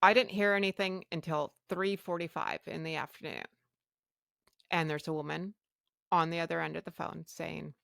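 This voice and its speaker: A woman's voice: sits low, steady tone, normal speed, gravelly, a bit bright, dry recording, studio quality. A woman hosting her own podcast, telling a personal story in a frank, emotional way and swearing freely. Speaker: podcast host.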